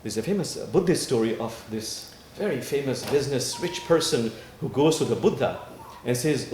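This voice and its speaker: A man, an imam, giving a sermon in a worship hall and telling parables with dramatic pauses. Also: medium pitch, slight background noise. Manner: animated storytelling with dramatic pauses. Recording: echoey hall, faint ambience.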